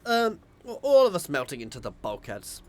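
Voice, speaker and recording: A man voicing a gruff, piratical male ship helmsman with salty sailor talk. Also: on the high side, wildly swooping pitch, normal speed.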